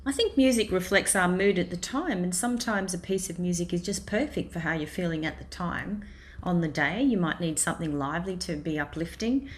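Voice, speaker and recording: A woman's voice: lowish voice, brisk. An Australian woman hosting a community radio interview, tossing in playful joking asides.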